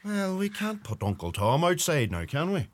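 A man's voice: fairly high pitch, huge pitch swings, moderate pace, background noise. An actor playing a cheeky young Irish farm son who teases his uncle, with an Irish accent. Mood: teasing. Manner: cheeky, teasing banter. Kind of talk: comedy sketch acting.

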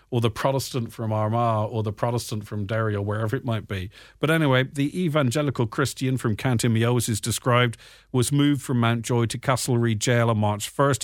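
A man's voice: medium pitch, no room sound. Irish man, slight english twang, casual news chat, dry close sound. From Ireland. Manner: conversational, frequent fillers and asides. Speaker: radio host reading the papers.

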